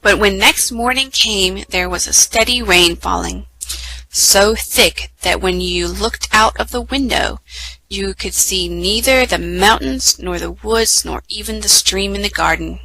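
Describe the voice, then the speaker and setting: A woman reading a children's book aloud at story time, lively and with small self-corrections. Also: medium pitch, measured pace, creaky, no room sound, poor audio. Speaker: storytime reader.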